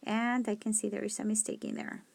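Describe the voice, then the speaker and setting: A woman's voice: medium pitch, little pitch movement, fairly quick, creaky, darkish tone, no echo. A woman teacher working through grammar test questions aloud, rereading sentences and correcting herself as she reasons. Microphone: screen-recording mic on a tablet.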